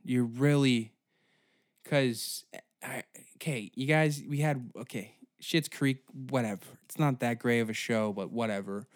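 A man's voice: mid-range voice, unhurried, dry recording. Sarcastic, swearing man in a comedy podcast rant, dry sound. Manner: profane, incredulous, sarcastic. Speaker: podcast host. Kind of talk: comedic ranting chat.

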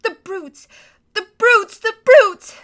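Woman playing a weeping young girl, high and tearful, bright crying voice, storybook child. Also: slow, exaggerated voice. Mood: distraught. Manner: tearful, high, distressed cries.

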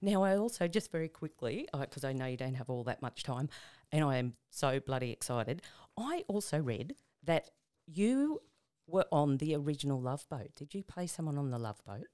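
A woman's voice: sits low, sing-song, normal speed, mellow, no echo, clean studio sound. An Australian woman hosting a casual interview, enthusiastic and gushing, with easygoing slang. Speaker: podcast host.

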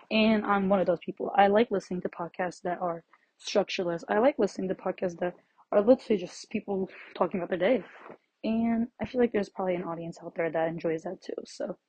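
A young woman hosting her own podcast, rambling casually and laughing often, her voice shaky and her breathing loud with anxiety as she walks around her bedroom. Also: mid-range voice, slightly rough, dry recording. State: anxious and shaky, breathing loudly. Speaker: podcast host. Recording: slightly dull, dry lo-fi home recording.

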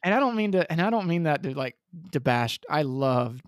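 A man's voice: fairly high pitch, sing-song, fairly quick, no echo, clean studio sound. A man co-hosting a podcast in casual chat, quoting movie lines in put-on voices. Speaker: podcast co-host.

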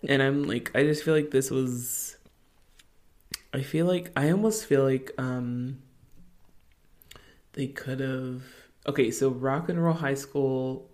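A woman's voice: rumbling low, slow, long pauses, a little mellow. A woman in her late twenties co-hosting a podcast, chatting casually with many fillers and easy laughs. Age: late 20s. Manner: rambling, filler-heavy, laughs easily. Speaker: podcast co-host. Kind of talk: casual chat.

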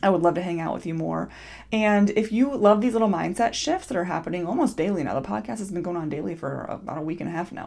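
A woman's voice: on the low side, expressive, fast, creaky, a little mellow. A woman hosting her own podcast as a mindset coach, talking casually and earnestly with lots of fillers and encouraging asides. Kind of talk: casual solo podcast talk.

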